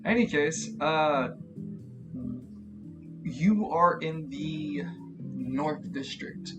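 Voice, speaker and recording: A man's voice: a little high, drawn-out words. A man narrating a tabletop role-playing game as game master, rambling and correcting himself as he goes. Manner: rambling, self-correcting, laughing asides. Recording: guitar music playing behind.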